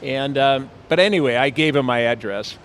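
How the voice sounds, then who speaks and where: An older actor recounts stories in a rambling interview on a city street, leaning on fillers and playful impressions. He speaks at medium pitch and normal speed with a slightly bright tone, over a little hiss or hum.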